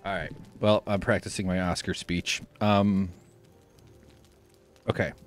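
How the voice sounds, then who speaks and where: A man from the United States hosting a live stream, talking in a rambling, sarcastic way with deadpan jokes. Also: deep voice, measured pace, soft background music. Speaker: livestream host. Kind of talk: casual live-stream chat.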